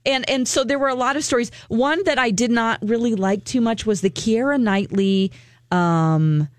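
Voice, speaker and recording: Woman on a podcast, chatty and animated, dry close sound. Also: on the high side, moderate pace, dry recording. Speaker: podcast co-host. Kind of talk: casual chat.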